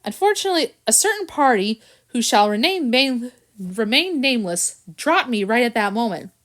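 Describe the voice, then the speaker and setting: A woman's voice: on the high side, big pitch swings, moderate pace, a bit bright, voice pushed up. A woman voicing a clever, smug male cat detective who speaks in a dry, knowing way in a storybook. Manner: dry, knowing, smart-mouthed.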